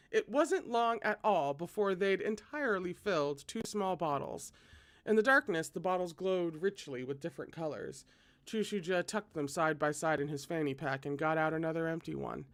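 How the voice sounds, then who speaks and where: A host reads a novel aloud with expressive delivery and drops in chatty asides. The voice sits at a middling pitch and sounds close and dry. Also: moderate pace, no room sound. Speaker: read-aloud reader.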